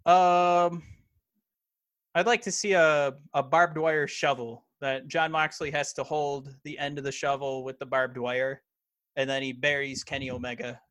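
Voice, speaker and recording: Man, podcast co-host, bright tone, hesitant, dry close sound. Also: medium pitch, flat delivery, a little slow, smooth, no room sound. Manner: hesitant, many fillers and restarts. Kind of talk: casual wrestling podcast chat.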